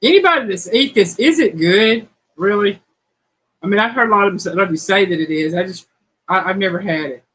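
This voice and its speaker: A woman's voice: mid-range voice, brisk, fairly bright tone, husky, low-quality recording. A woman hosting a home cooking livestream, chatting casually and reading viewer comments aloud. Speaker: cooking channel host.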